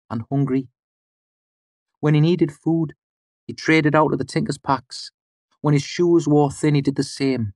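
A male audiobook narrator telling a fairy tale in a measured, rhythmic cadence. His voice sits at an ordinary middle pitch. The sound is dry and close, with no room around it. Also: no echo.

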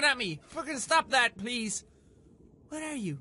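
Excitable high-voiced young man gaming. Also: measured pace, a little hiss or hum. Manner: excitable, swears often, talks to game characters. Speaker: gamer. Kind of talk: let's play commentary.

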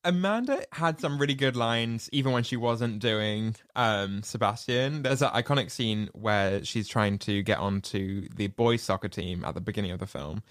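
A man co-hosting a podcast in a casual, animated chat, laughing often. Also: on the low side, normal speed, few pauses, no room sound, clean studio sound. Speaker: podcast co-host.

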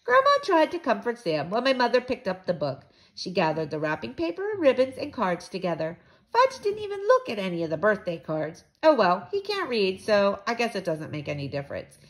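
A woman reading a children's book aloud in an expressive, sing-song way. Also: medium pitch, brisk.

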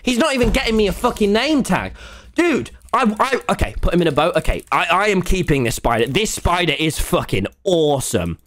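A young man with a British accent, chattering excitedly and swearing while playing a game on a live stream. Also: high-pitched, a little fast.

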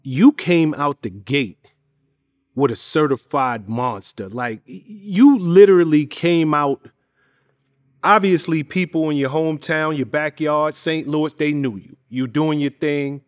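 A man hosting a casual interview, giving shout-outs and asking loose, restarting questions. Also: on the high side, unhurried, no room sound, studio quality. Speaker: interview host.

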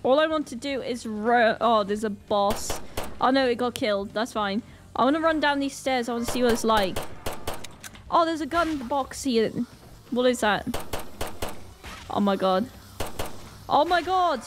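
A woman with a Northern Irish accent giving excitable gameplay commentary, full of panicked exclamations. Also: on the high side, unhurried, long pauses, noisy background. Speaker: gaming channel host.

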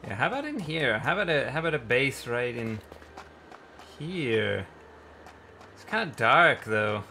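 Guy doing let's play commentary, bright sharp voice, little bit of ambience behind him. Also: mid-range voice, a little slow, long pauses, slight background noise. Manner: excitable, yelps in panic and laughs at mishaps. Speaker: gaming channel host.

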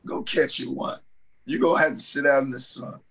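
A man's voice: medium pitch, steady tone, a little fast, creaky, fairly bright tone. A man voicing God as a stern, fatherly male figure who gives curt, folksy commands.

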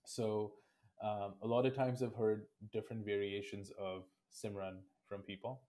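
A man's voice: fairly low pitch, level tone, moderate pace, warm tone. A man in his twenties from India, answering interview questions in a reflective, thoughtful way. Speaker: guest. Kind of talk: casual interview.

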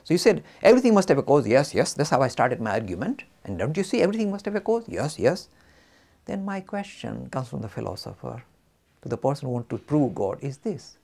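A middle-aged man lectures with a lively, swooping delivery, playing both sides of an argument himself. His voice is gravelly, with a mellow, dark tone. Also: medium pitch, brisk. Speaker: religious studies speaker.

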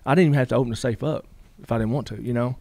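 A middle-aged man tells his story at a quick clip, rambling through fillers and acting out what others said. The recording is close and dry, with no room sound. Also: medium pitch, a little mellow, no room sound. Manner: rambling, many fillers, quotes others in dialogue. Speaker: guest. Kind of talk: casual storytelling.

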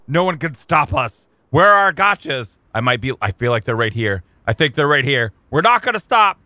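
A man giving excitable, jokey let's-play commentary as a gaming video host, talking to his tamed creatures. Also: mid-range voice, normal speed, hardly any pauses, dry recording. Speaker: gaming YouTuber.

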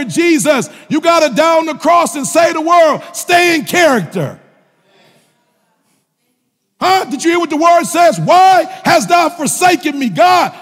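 A male minister preaching a sermon in a colloquial, joking style, with impassioned shouts and repeated phrases. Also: very high voice. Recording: long reverb of a large hall.

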